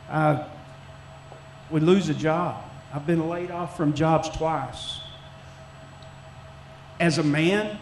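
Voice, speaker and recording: A middle-aged man, preaching a sermon as a church elder in a conversational, folksy way with frequent restarts. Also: a little high. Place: church sanctuary. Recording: echoey church room, faint background noise.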